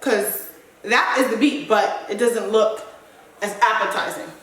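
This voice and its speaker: A woman dance instructor teaching stepping, counting the moves aloud in a brisk, rhythmic way. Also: mid-range voice, distant mic, very noisy. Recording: echoey room, voice off-mic, loud stomping and claps.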